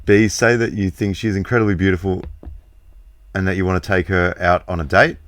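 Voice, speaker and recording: Deep-voiced streamer reading game choices. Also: male voice, normal speed, fairly bright tone, no echo. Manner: laughs a lot, reads out choices. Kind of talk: casual let's-play commentary.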